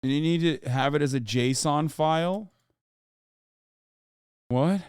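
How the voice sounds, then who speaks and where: A man's voice: a little high, slow pace, smooth, no room sound. A man streaming live, reacting casually on a close mic in a profane, incredulous, off-the-cuff way.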